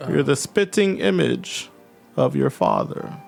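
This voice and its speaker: A man voicing a crotchety old bearded man with a cane, in a high, quavering, slow voice. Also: huge pitch swings, creaky, faint music behind, heavily acted. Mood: firm.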